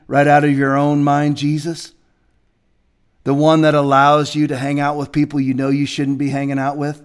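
A man preaching as a pastor in a studio, confrontational and fiery, swinging from quiet asides to shouted scripture. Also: mid-range voice, smooth. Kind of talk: preaching sermon.

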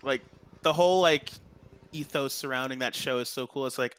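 A man in a band telling stories in a casual interview, excitable and full of "like" fillers. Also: mid-range voice, moderate pace, clean tone, low-quality recording. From Ohio. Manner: excitable storyteller, heavy "like" filler, acts out quotes. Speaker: band member guest.

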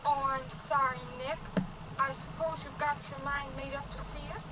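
Brief: an actress playing a sweet, high-voiced 1950s schoolgirl on the phone, noisy old film track heard from afar. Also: flat delivery, normal speed, close to an everyday voice. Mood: polite. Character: polite young 1950s girl answering the phone. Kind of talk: 1950s educational film acting.

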